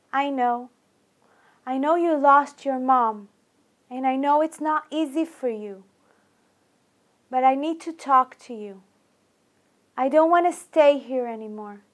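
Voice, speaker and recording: A woman playing a gentle father who softly pleads with his grieving daughter, repeating himself as he coaxes her. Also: high-pitched. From Iran. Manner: soft, slow, coaxing, repeating himself.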